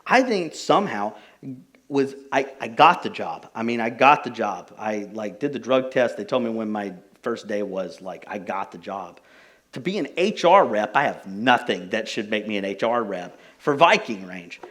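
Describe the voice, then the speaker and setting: A young adult man serving as pastor preaches a casual, conversational sermon, telling animated stories packed with fillers like "like." His voice is on the low side and moves at a normal speed.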